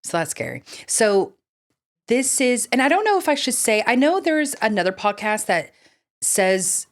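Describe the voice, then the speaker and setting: A woman co-hosting a casual paranormal podcast, animated and swearing casually, reading online stories aloud. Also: on the high side, normal speed. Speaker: podcast co-host.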